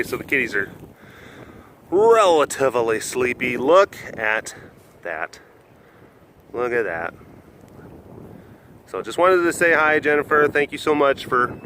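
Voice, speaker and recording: Guy vlogging outside at an animal sanctuary, rambly and giggly, mid pitch voice, a bit of faint background noise. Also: sharp tone. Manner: rambling, chuckling often, restarts sentences. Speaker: vlogger at a big cat facility. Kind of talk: casual walking vlog.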